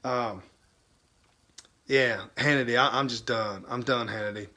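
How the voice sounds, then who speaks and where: A man's voice: mid-range voice, fairly even intonation, a little slow, bright, forceful tone. A man hosting a casual live stream, chatting with viewers and reading their comments aloud, enthusiastic, laughing and repeating himself.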